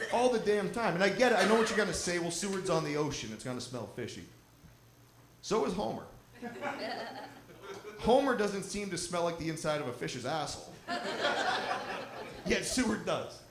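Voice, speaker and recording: A man doing a stand-up set on stage with a handheld mic, brash and crowd-teasing, swearing freely. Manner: brash, crowd-teasing, swearing, puts on drunk and squeaky voices. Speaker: stand-up comedian. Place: lodge venue with live audience. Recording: roomy live venue with crowd. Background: audience laughing.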